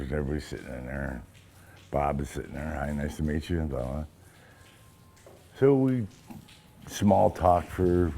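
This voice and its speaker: An older man with a very deep, gravelly voice recounts show-business stories in an interview. He talks in a lively, profane way and slips into the voices of the people he quotes. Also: a little hiss or hum. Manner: animated, profane, acts out quotes. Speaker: actor. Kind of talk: anecdotal interview storytelling.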